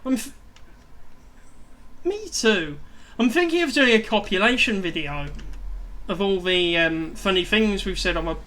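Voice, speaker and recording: A livestream host with a high-pitched, sharp-toned voice chats casually on a gaming stream. He's animated yet unhurried, rambling and making fun of himself.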